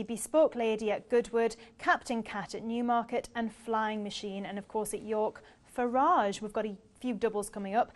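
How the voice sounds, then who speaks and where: A woman with a Geordie accent briskly reading out viewers' tips on the show. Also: fairly high pitch. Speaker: social media correspondent.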